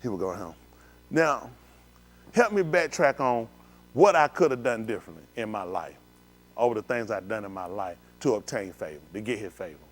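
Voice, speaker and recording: A man preaching a sermon, animated, swinging between low murmurs and loud exclamations. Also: moderate pace. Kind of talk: sermon with live demonstration. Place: synagogue hall.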